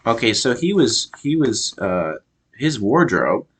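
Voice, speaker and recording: An American man giving a casual review monologue, often pausing and restarting as he searches for words. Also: mid-range voice, sing-song, husky. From United States. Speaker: show reviewer.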